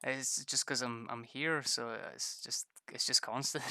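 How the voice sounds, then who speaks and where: A man's voice: medium pitch, fairly even intonation, measured pace, sharp tone, no room sound. A man chatting casually while streaming a game, rambling, stammering and laughing often. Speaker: gaming streamer. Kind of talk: casual gameplay chat with viewers.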